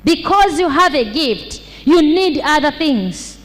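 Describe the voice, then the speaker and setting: Woman pastor preaching in a church hall, high voice, lots of reverb, hammers each point over and over. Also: expressive. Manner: slow, repetitive emphatic preaching with rhetorical questions. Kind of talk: sermon.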